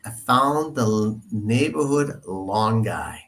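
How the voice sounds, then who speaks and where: A man's voice: lowish voice, animated, takes it slowly, fairly bright tone, a little hiss or hum. A man cold calling as a real estate agent, chatting and teasing on a video call. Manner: playful, teasing, joking. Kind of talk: casual chat over a video call.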